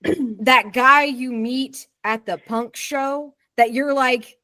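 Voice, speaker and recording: A woman's voice: sits high, slow pace, bright, forceful tone, no echo. A woman player in a tabletop game, playfully and animatedly describing her character in casual chat.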